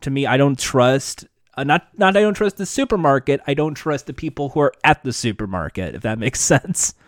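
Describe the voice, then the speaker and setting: A man's voice: mid-range voice, expressive, fairly quick, dry recording, studio quality. A man in casual podcast chat, rambling with many fillers and restarts.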